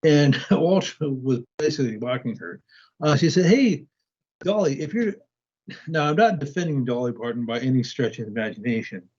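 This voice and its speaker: A man's voice: medium pitch, expressive, fairly quick, a little mellow. Guy telling stories, lots of ums and restarts, muffled lo-fi sound. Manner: hesitant, many ums and restarts. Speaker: guest. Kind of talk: casual conversation.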